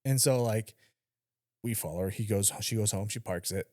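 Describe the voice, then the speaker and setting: A man's voice: on the low side, moderate pace, no echo, studio quality. A man co-hosting a podcast, telling stories in a casual, profane chat and acting out the quotes. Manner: animated storyteller, acts out quotes, swears freely. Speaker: podcast co-host.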